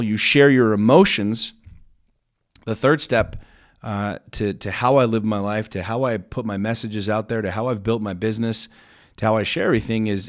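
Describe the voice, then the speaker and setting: Middle-aged guy ranting blunt about business, swears a lot, fired up, keeps repeating himself. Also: lowish voice. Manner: blunt, intense, swears freely; repeats words for emphasis. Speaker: podcast host and business coach. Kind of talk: motivational monologue.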